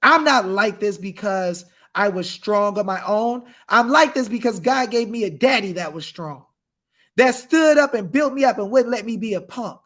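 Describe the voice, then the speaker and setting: Fiery high-voiced preacher man. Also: lively intonation, moderate pace. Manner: fiery, shouting, reads scripture aloud. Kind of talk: impassioned preaching.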